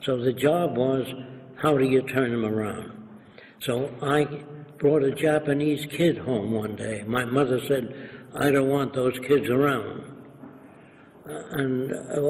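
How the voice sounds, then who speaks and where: A man's voice: mid-range voice, unhurried, creaky, a little mellow. An older man tells stories in a lecturing tone, sometimes acting out the voices of the people in them. His voice sits in a long, echoing room, with a faint hiss underneath. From New York. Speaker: interviewee. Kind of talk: anecdotal storytelling.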